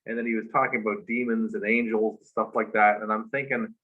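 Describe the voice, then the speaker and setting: A man, a guest, casually telling a long story, animated and full of fillers. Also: lowish voice, fast. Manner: animated retelling with many fillers. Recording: dull lo-fi recording.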